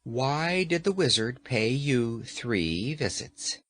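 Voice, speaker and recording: A man's voice: mid-range voice, lively intonation, takes it slowly, a bit bright, heavily acted. A man voicing a stately, powerful sorceress who speaks sternly and with authority. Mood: measured. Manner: stern, commanding.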